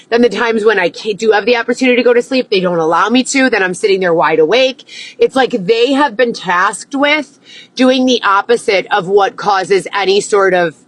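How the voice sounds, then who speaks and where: A young woman vlogger rants to camera, agitated and heavy with profanity, repeating herself as she vents. Her voice is mid-range, and the audio is poor.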